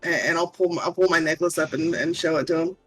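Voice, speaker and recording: A woman playing a tabletop game online, haltingly describing what her character does. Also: low voice, steady tone, breathy edge, faint music behind, rough recording. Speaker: player. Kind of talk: casual chat describing her character's actions.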